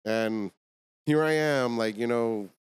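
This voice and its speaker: A man, a podcast guest, talking in relaxed slang in a casual chat. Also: mid-range voice, slow pace, clear, resonant tone. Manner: laid-back slang, calls people dog and bro.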